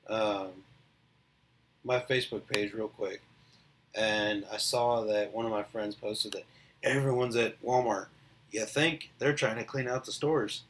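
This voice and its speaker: A man's voice: medium pitch, a little hiss or hum. A middle-aged man, chatting casually on his own and telling a story, rambling with many fillers and restarts. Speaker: vlogger. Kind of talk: casual solo chat.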